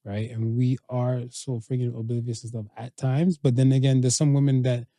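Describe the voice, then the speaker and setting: A man's voice: medium pitch, flat delivery, normal speed, warm tone, no echo, studio quality. A man co-hosting a podcast in casual chat, blunt and teasing, laughing a lot. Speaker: podcast co-host.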